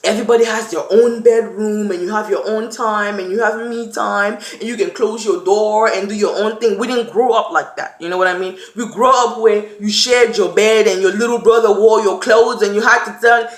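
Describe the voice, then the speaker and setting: Recorded in an echoey room, a young woman from Cameroon vlogs a personal talk to camera, earnestly telling her story and acting out small quotes. She speaks at normal speed in a mid-range voice with a steady tone.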